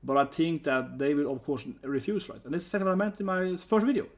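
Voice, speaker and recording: A man with a fairly high voice talking through a casual commentary vlog. He rambles, restarts and keeps checking in with 'right?'. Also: lively intonation, fast. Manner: rambling, repeats 'right?' often. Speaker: YouTube commentator.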